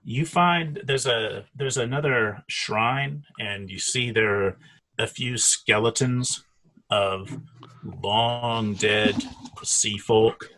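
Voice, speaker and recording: Guy dming a tabletop game, husky but bright, stops and restarts a lot, laughs easy. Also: fairly low pitch. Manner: easygoing, halting, laughs often. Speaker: dungeon master.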